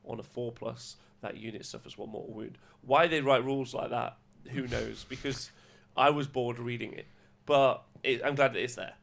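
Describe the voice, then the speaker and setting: Male host, gravelly, laid-back, quick to laugh. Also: mid-range voice, steady tone, fairly bright tone. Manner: laughs often, jokey, reads rules aloud. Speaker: podcast host. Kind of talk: casual chat about wargaming rules.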